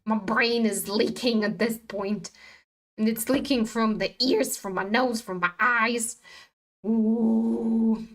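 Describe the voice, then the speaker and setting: A woman with a fairly high, steady, slightly bright voice takes her time on a trading livestream. Casual and profane, she tells viewers frankly how tired she is as they chat.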